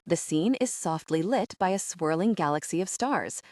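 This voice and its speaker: A woman narrating an audiobook with expressive storytelling. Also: fairly low pitch, moderate pace, no echo, studio quality. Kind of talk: scripted narration.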